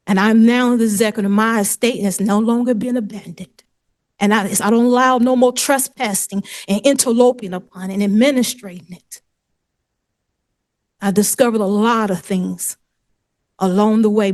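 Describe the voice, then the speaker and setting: A woman's voice: medium pitch, darkish tone. A woman defending herself in a courtroom hearing, speaking in an insistent, earnest way and reading a prepared statement.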